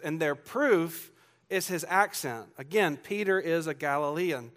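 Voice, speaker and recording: A man's voice: a little high, a little slow, a bit bright. A man preaching a sermon from Georgia with a faint Southern accent, earnest and emphatic, building on repeated lines and turning to the congregation with asides. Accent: Southern US, faded. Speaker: pastor. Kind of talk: expository sermon.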